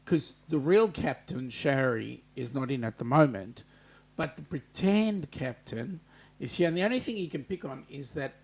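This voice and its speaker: A man's voice: medium pitch, animated, normal speed, darkish tone. An Australian man hosting a casual livestream, chatting loosely with lots of ums and greeting viewers by name. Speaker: livestream host. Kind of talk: casual live-chat greetings.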